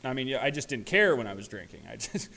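A man speaking at a recovery meeting, sharing candidly in a halting way with many restarts. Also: mid-range voice, sing-song, creaky, sharp tone. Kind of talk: personal sharing talk.

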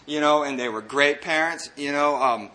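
A man's voice: on the high side, moderate pace, sharp tone. A man from El Paso, a recovering addict telling a group his story in an earnest, rambling way, full of repeated "and"s and "man"s. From United States (El Paso, Texas). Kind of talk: personal recovery testimony to a group.

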